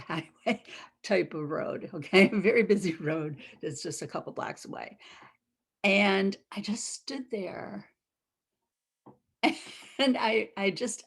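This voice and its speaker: Gravelly, husky-voiced woman teaching. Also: mid-range voice. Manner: chatty and animated, laughs often, repeats herself. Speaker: emotional wellness teacher. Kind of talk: casual personal storytelling and teaching.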